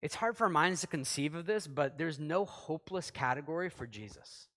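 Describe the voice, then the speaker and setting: A man preaching in a loose, conversational way with a slightly high voice, shifting from loud to hushed as he acts out little exchanges. His words trail off into a long hall reverb. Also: lively intonation, a little fast. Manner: conversational, acts out quotes, swings loud and soft. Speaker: pastor. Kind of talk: sermon.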